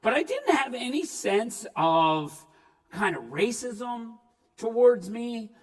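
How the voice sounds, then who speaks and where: A man giving a comedic keynote talk, telling stories in an animated way and shouting punchlines. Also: very high voice, slow, breathy edge, recorded from a distance. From Newfoundland, Canada. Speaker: keynote speaker. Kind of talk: comedic storytelling speech. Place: large hall before an audience. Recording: reverberant hall, speaker off-mic.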